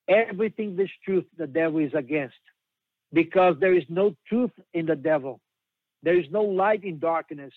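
A man preaching a sermon slowly and emphatically, pausing often between phrases. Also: on the high side, no room sound. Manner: slow, emphatic preaching with long pauses. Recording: dry, tinny phone-like sound.

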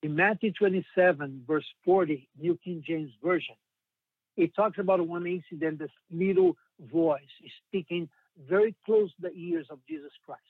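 A man's voice: sits high, lively intonation, no room sound. Earnest male preacher with tinny, phone-like sound. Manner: earnest, emphatic, slows on quoted scripture. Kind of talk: sermon.

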